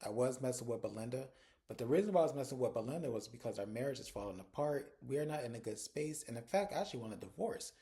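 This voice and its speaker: A man voicing a blunt adult man ending an affair, in a flat, matter-of-fact way. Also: mid-range voice, fast talker, close to an everyday voice.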